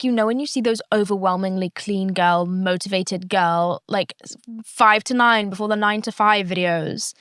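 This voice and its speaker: A woman's voice: medium pitch, fairly bright tone, no room sound. A young woman, hosting a casual solo podcast, candid and chatty and swearing freely. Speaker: podcast host.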